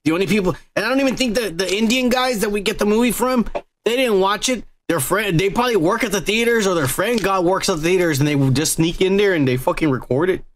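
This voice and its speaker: A man's voice: sits high, fast talker, slight background noise. A man co-hosting a podcast, talking in a crude, rambling, joking way about movie news. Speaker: podcast co-host. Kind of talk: crude casual podcast chat.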